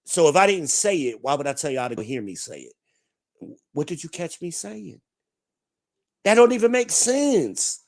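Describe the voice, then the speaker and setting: Very animated and creaky, this high-pitched voice belongs to a New Jersey livestream host who rants at his chat at a moderate pace. He's blunt, foul-mouthed, and ready for a fight.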